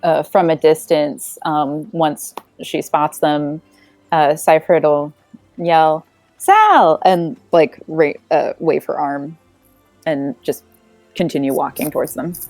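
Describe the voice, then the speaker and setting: Woman, tabletop player, very slow relaxed talk, fairly low voice, dry sound, faint music. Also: no room sound. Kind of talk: casual tabletop game talk.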